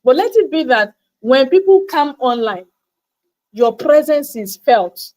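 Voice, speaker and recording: A woman's voice: high voice, animated, measured pace, a little mellow, poor audio. A woman giving an emphatic motivational talk as a coach on a livestream, repeating words for stress. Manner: emphatic, repeats words, acts out quoted doubts. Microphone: livestream mic.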